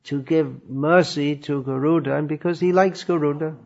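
A man teaching a lecture on scripture, thoughtful and pausing often with fillers, on a dull lo-fi recording. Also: on the high side, steady tone, vocal fry, darkish tone. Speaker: religious teacher.

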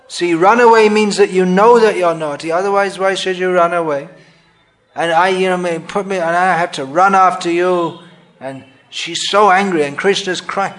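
A man's voice: high voice, normal speed, fairly bright tone. A man giving a devotional talk on scripture, thoughtful and self-correcting, sometimes acting out the scenes he explains.

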